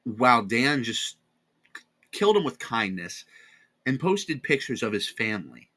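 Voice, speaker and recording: Tired, sarcastic American guy with a bright voice. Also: mid-range voice, very animated, measured pace. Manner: rambling, sarcastic, self-correcting. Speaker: commentary channel host. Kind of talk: casual drama commentary.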